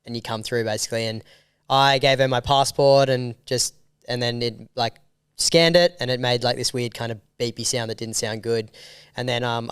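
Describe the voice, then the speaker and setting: A man in his podcast guest spot, telling a travel story in an animated way and acting out the people in it. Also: mid-range voice, clear, resonant tone, no echo, studio quality. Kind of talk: casual storytelling.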